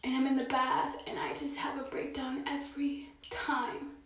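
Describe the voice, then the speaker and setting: A young woman with a high, fairly flat voice talks through a rambling, heartfelt confessional, now and then sinking to a whisper. She sits in a dark bathroom, and her voice rings off the tiled walls from a mic set some way off. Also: moderate pace, background noise. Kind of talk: confessional monologue. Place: dark bathroom, sitting in a bathtub. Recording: very echoey bathroom, mic at a distance.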